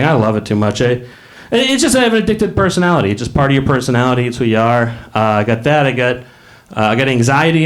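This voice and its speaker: A man doing a stand-up comedy set on a club stage, telling rambling stories and acting out the voices of people in them. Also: mid-range voice. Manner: rambling storytelling, acts out quoted voices. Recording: live club with crowd laughter. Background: audience laughter.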